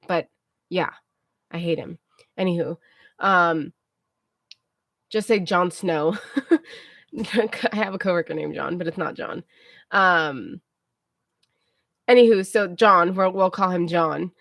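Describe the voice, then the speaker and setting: A woman livestreamer telling a story to her viewers in a casual, animated way, often checking in with them. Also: lowish voice, takes it slowly, gravelly, long pauses, no echo, studio quality. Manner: chatty, animated retelling, keeps checking in with "okay?".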